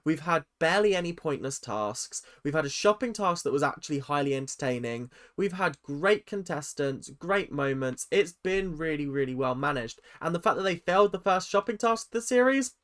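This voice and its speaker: A man's voice: a little high, moderate pace, few pauses. Sassy young British man ranting. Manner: chatty, sassy, animated, talks straight to viewers. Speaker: YouTube reality-TV commentator. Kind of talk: casual ranting commentary.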